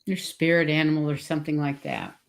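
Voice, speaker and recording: A woman co-host in a casual talk, agreeable and quick to laugh. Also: low-pitched, flat delivery. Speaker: podcast co-host. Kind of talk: casual conversation.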